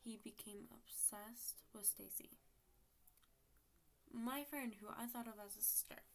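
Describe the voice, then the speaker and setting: A woman's voice: on the high side, unhurried. A teenage girl casually telling a personal story to her viewers, acting out text messages with lots of fillers. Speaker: storytime vlogger.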